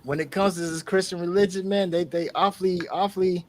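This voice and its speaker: A male co-host on a podcast talks a little fast in a high-pitched voice. Chatting casually, he tells stories full of swearing and dramatizes the quotes.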